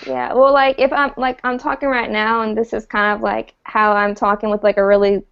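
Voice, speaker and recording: A woman's voice: fairly high pitch, little pitch movement, a little fast, gravelly, highs cut off. A woman from Texas with a light Texan twang, chatting casually as a guest and filling her talk with "like". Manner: giggly, lots of "like". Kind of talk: casual group chat.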